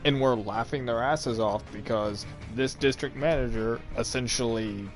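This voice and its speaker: Casual male storyteller, animated, acts out quotes, mid-pitched, faint music under him. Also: normal speed. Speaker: co-host telling a story.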